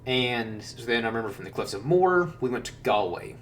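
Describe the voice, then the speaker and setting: A man's voice: mid-range voice, expressive, brisk. A man vlogging casually about his travels, rambling with lots of fillers and self-corrections. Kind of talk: casual chat. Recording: distant mic with faint hum.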